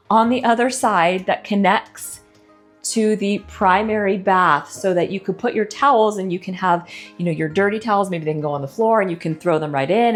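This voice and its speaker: Middle-aged lady touring a house, gushy and chatty, kinda low voice, soft music under it. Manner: enthusiastic, gushing about features, chatty asides. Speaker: real estate agent giving a home tour. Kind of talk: casual walkthrough home tour. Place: indoors in a large house.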